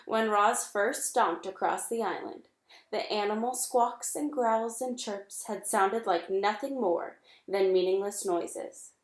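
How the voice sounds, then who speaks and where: Woman narrator, expressive storybook reading, mid pitch, roomy echo. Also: takes it slowly. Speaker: reader. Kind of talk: reading a children's novel aloud.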